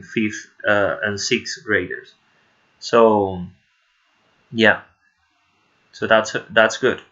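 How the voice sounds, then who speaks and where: A male teacher with a Spanish accent explains grammar slowly and patiently, often stopping to check that his pupils follow. His voice sits a little low. The sound is muffled and lo-fi. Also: pushed and bright. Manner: patient, repeats "okay?" to check understanding. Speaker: English teacher.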